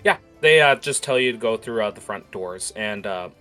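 A man's voice: on the low side, lively intonation, moderate pace, bright, forceful tone, faint music behind. A man running a tabletop role-playing game, narrating loosely and peppering his speech with "uh" and "like". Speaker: game master.

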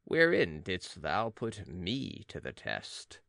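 A stern prophet-sage , read by a man, with a deep, low voice that still rises and falls expressively. He declaims gravely and unhurriedly in archaic phrasing, recorded dry and close. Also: huge pitch swings, takes it slowly, a bit bright, no echo, exaggerated voice. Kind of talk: audiobook dramatic reading.

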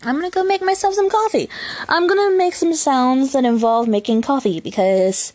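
A young adult woman with a high, youthful, girlish voice hosts her own podcast from a room at home, chatting casually and rambling solo while laughing often. Her pace is moderate and her tone a little mellow.

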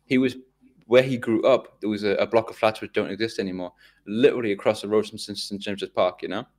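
A low-voiced man with a North East English coastal accent talks in a loose, chatty way, swearing now and then and circling back on his sentences. He sounds like a podcast co-host in relaxed conversation. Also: fast. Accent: North East English, Tyneside coast. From North East England. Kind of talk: casual chat.

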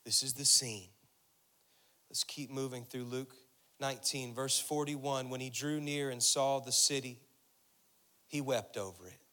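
With a mid-range, bright and forceful voice, a pastor preaches at a measured pace and a level tone. He reads and explains scripture, repeating phrases for emphasis, voicing Jesus' words as his intensity builds.

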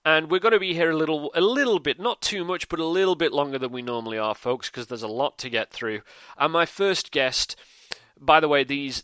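A man's voice: medium pitch, bright, forceful tone, no echo. A man hosting a podcast, talking in a chatty, rambling way. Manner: chatty, rambling, upbeat plugs. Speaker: podcast host. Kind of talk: casual podcast chat.

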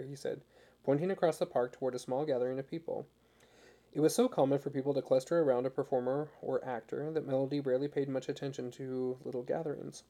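A man narrating a story as an audiobook in a measured, even way. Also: mid-range voice, vocal fry.

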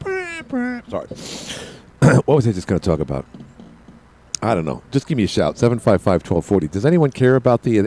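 A middle-aged man hosts a call-in radio talk show in a lowish, mellow voice. His pitch swings widely as he rambles, and he keeps restarting with repeated words.

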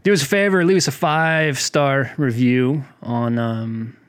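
A man's voice: medium pitch, fairly even intonation, a little slow, smooth. A man co-hosting a podcast in casual banter, dry and teasing with a mock-snobbish edge. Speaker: podcast co-host.

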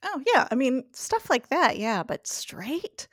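A woman's voice: sits high, takes it slowly, no room sound, studio quality. A woman hosting a podcast, recapping a TV episode in casual chat, laughing often and acting out the characters' lines. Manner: giggly, acts out quotes in animated voices. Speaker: podcast host.

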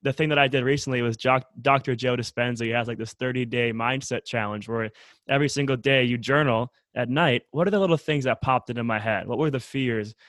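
Male host, mid-pitched voice, casual and filler-heavy, dry recording. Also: brisk, no room sound. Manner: relaxed, uses many fillers like "like". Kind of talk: casual chat.

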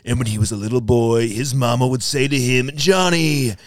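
A man's voice: medium pitch, fairly even intonation, normal speed, dry recording, studio quality, natural voice. A man doing an impression of a boastful male politician who brags, repeats superlatives and calls the listeners "folks". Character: boastful blustery male politician, loud showman. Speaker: impression in a comedy bit.

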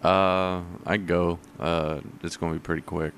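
A man's voice: low voice, little pitch movement, moderate pace, fairly bright tone, slight background noise. A man hesitantly starting to speak in a casual group chat, with many fillers.

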